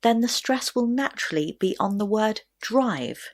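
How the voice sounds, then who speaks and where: Lively-voiced woman teaching pronunciation. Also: medium pitch. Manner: clear, deliberate, stresses words for demonstration. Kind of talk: scripted lesson to camera.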